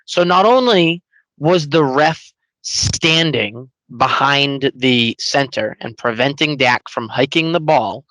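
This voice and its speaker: A man's voice: medium pitch, a bit bright, dry recording, low-quality recording. A man co-hosting a casual podcast, ranting in long, heated run-on complaints and cursing freely. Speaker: podcast co-host. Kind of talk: casual sports rant.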